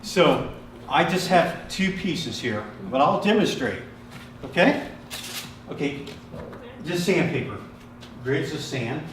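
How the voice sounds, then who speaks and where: A man's voice: a little high, animated, slow, long pauses, a bit bright. A man leading a group drum workshop, asking the participants questions and praising them over and over. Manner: encouraging, asks the group questions, repeats praise. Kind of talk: hands-on group music lesson. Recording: echoey room from far off, background noise.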